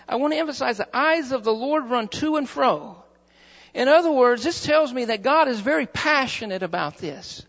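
Male pastor, very high and gravelly voice, fervent repetitive sermon; muffled recording, long hall reverb. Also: animated, a little fast, a bit bright. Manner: fervent, repeats phrases for emphasis.

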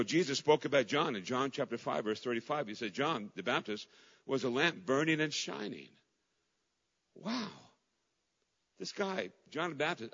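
Middle-aged man, pastor, fervent sermon delivery with big swings between loud and hushed, muffled recording in a reverberant hall. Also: medium pitch, husky.

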